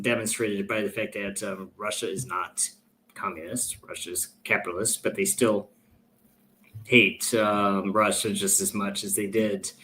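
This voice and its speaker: Lower-voiced male podcast host. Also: sharp tone. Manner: hesitant, filler-heavy reasoning. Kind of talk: political podcast discussion.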